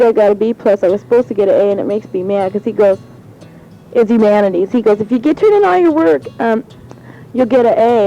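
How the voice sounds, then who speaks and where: A woman's voice: mid-range voice, warm tone. A teenage girl chatting and giggling as she rambles through a spoken letter recorded on cassette tape. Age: teens. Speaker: high school student. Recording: dull lo-fi 1970s home cassette.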